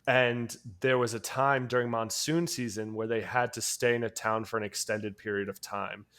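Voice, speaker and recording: Podcast co-host, male, New York accent, mid-pitched, rambling storyteller who swears casually. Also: fairly even intonation, moderate pace, fairly bright tone. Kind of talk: casual chat.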